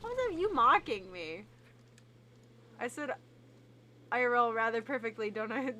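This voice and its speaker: A woman's voice: a little high, sing-song, moderate pace, bright, forceful tone, a little hiss or hum. A young woman chatting playfully with friends while streaming a game. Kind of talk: casual gaming stream chat.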